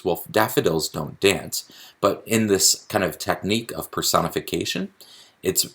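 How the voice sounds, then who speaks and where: In a recorded poetry lesson, a man explains things step by step, often restarting sentences and using fillers. His voice is deep, with a fairly bright tone and a breathy edge.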